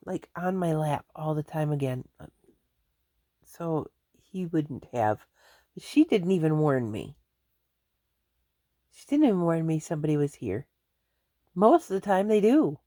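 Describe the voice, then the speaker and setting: A woman's voice: low voice, big pitch swings, unhurried, pauses often, warm tone, no echo, clean studio sound. A woman chatting casually to her viewers from home, rambling and laughing often. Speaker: vlogger. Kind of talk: casual chat to camera.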